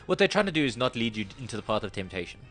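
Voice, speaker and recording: A man's voice: medium pitch, very animated, racing, fairly bright tone, faint music behind. A man co-hosting a casual radio chat show, jokey and laughing often. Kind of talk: casual banter.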